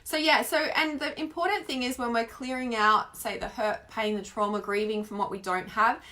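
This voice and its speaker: An Australian woman giving a casual, chatty spiritual teaching talk, expressive and full of filler words. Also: a little high, normal speed.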